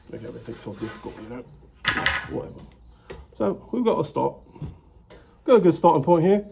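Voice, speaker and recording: A man's voice: fairly high pitch, very animated, brisk, creaky, pauses often, heavy background noise. A man with a mixed English accent chatting casually and muttering to himself while he builds something by hand. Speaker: DIY maker. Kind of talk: casual workshop narration.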